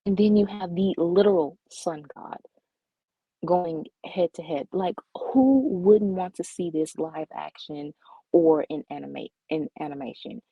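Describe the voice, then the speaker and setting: A woman co-hosting a casual comic book podcast, speaking in a measured, opinionated way on a dull, lo-fi recording. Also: fairly low pitch, husky, no echo. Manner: measured, opinionated, frustrated ranting. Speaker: podcast co-host. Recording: dull lo-fi dry mic.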